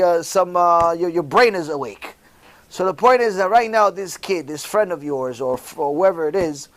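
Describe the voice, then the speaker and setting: A rabbi giving an informal sermon, telling stories and repeating key phrases for emphasis. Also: male voice, sits high, no echo.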